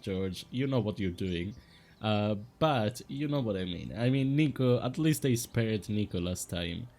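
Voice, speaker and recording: Laughing, slow-talking man narrating a game. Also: fairly low pitch, lively intonation, darkish tone, slight background noise. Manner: chatty, laughs often. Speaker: gaming streamer. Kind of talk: let's play commentary.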